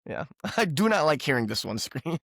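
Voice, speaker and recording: A man's voice: fairly high pitch, very animated, moderate pace, creaky, fairly bright tone, no echo, studio quality. A man co-hosting a movie podcast, rambling in a casual chat and laughing often. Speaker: podcast co-host.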